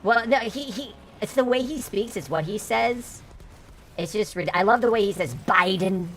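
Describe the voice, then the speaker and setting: A woman's voice: a little high, moderate pace. A woman from upstate New York streaming while gaming, chatting casually and bluntly, swearing freely, through a voice changer.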